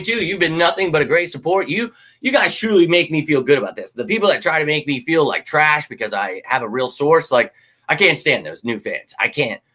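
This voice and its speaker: A man hosting a sports fan channel, chatting casually and bluntly with viewers, swearing freely and getting worked up. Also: medium pitch. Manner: animated, blunt, swears, talks straight to viewers. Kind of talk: casual live-stream chat.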